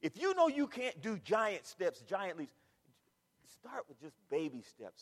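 An older man preaching a sermon in a church, animated, full of rhetorical questions and repetition. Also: sits high, a little slow, in a large hall. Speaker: pastor. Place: church sanctuary.

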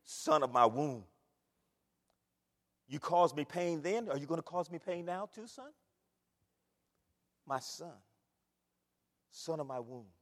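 A man's voice: a little high, animated, takes it slowly, long pauses, fairly bright tone, in a large hall. A man voicing a mother pleading with her grown son, guilt-laden and plaintive.

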